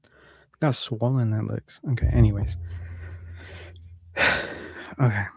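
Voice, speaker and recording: A man's voice: on the low side, fairly even intonation, slow, gravelly, darkish tone, breathy edge, no room sound, clean studio sound. A man hosting a casual live stream from home, rambling, swearing and joking with his audience. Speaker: livestream host.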